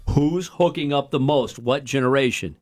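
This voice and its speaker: A man's voice: medium pitch, normal speed. A middle-aged man with a Midwestern American accent, co-hosting a radio show and reading out poll numbers in jokey casual banter. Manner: chatty, jokey, reads poll numbers aloud.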